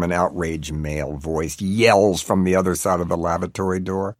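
A man narrating an audiobook chapter with a wry, deadpan delivery. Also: sits low, normal speed, few pauses, no room sound, studio quality.

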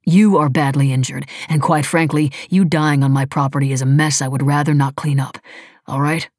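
A woman reading a composed man who holds all the power, speaking low and evenly. He lectures patiently, never raising his voice. The reading is husky and dry. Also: no echo. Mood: calm. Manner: calm, measured, lecturing. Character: cool, controlled wealthy man in charge.

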